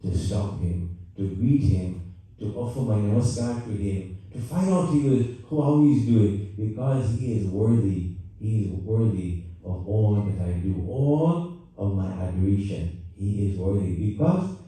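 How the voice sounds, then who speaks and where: A man's voice: lowish voice, unhurried, dark tone. A man, a pandit, giving a storytelling sermon at a temple, asking his listeners questions and repeating his words as he tells the story. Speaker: pandit giving a spiritual talk. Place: large temple hall. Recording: roomy echo, voice from far off.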